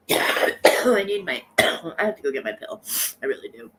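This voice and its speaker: A woman's voice: low-pitched, sing-song, a little slow, a bit bright. A woman hosting a casual live stream, sassy and teasing, often breaking into laughter. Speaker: livestream host.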